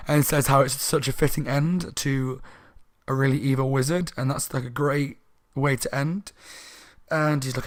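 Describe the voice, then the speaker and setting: A man's voice: mid-range voice, steady tone, a little slow. Tipsy, rambling man recapping a book. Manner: rambling, chatty, self-correcting. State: slightly drunk. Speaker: book reviewer, channel host. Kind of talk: casual spoken book recap.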